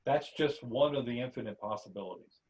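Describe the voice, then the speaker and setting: A man hosting a podcast, reading a spiritual story aloud in a steady second-person telling. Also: mid-range voice, fairly quick, distant mic, low-quality recording. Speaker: podcast host, story narrator. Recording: voice somewhat off-mic.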